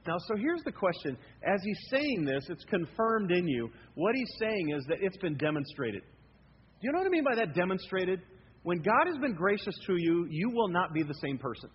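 A man preaching a sermon as pastor, lively and acting out his listeners' thoughts. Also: high voice, normal speed. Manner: animated preaching, acts out listeners' inner voices. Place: church hall. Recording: lo-fi hall recording with faint noise.

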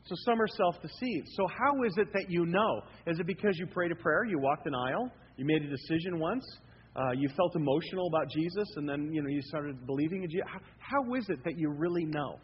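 A man preaching a sermon as pastor, lively and acting out his listeners' thoughts. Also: on the high side, fairly quick. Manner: animated preaching, acts out listeners' inner voices. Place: church hall. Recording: lo-fi hall recording with faint noise.

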